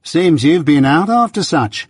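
A man's voice: a little high, lively intonation, a little slow, husky, dry recording, studio quality, pitched above the performer's own voice. A man reading the part of a sly, secretive male stranger who asks probing questions.

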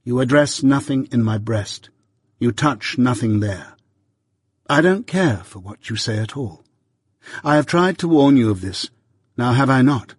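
Cool detached young woman, calm even delivery, slightly husky, close dry sound, read by a man. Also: medium pitch, a little slow, dry recording. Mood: cold, calm. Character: cold, composed young woman. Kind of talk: audiobook character reading.

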